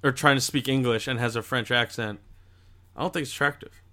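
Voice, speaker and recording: Bright-voiced blunt male co-host. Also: mid-range voice, a little fast. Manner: blunt, argumentative, laughs at own jokes. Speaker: podcast co-host. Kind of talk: casual chat.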